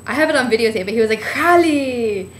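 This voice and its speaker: A woman's voice: fairly high pitch, a bit bright, roomy sound, a little hiss or hum. A young woman from New Jersey telling a trip story in a giggly, rambling way, full of "like". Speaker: vlogger. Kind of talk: casual storytelling.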